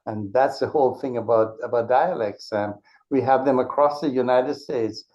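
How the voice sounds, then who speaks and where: A man's voice: medium pitch, normal speed, darkish tone. A man with an ordinary mid-range voice talks as an interview guest, laying out his ideas with careful examples and frequent restarts. The sound is dull and lo-fi. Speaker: author and speech teacher, interview guest. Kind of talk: earnest conversational explanation. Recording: dull lo-fi recording.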